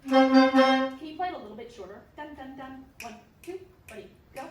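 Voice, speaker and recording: A woman's voice: high voice, lively intonation, brisk, loud music behind the voice. Upbeat woman band teacher, echoey room. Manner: upbeat, encouraging, sings rhythms. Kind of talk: rehearsal instruction. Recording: echoey room, distant mic. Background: band instruments playing.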